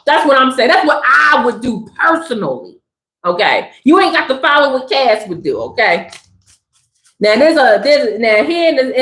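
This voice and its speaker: A woman giving a spiritual message on a live stream, talking in an animated, emphatic, slangy and preachy way. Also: high voice. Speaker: spiritual reader. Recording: roomy echo.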